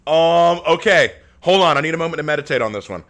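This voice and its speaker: A man's voice: on the high side, fast. A young man live-streaming, reading chat aloud and answering with joking, rambling banter. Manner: animated, joking, rambling with frequent repeats.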